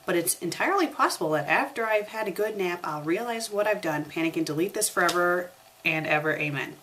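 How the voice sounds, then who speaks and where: A woman's voice: fairly low pitch, animated, fairly quick, a bit bright, a little hiss or hum. A young woman reading a story aloud for a comedic review, breaking off for sarcastic asides. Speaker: fanfiction reviewer.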